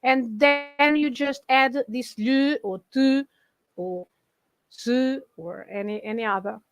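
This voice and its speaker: A Portuguese woman with a high voice talks through language rules patiently and at an easy pace. She laughs often between points. The sound is close and dry. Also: slow, no echo, faint music behind. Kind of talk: casual explaining on a live show.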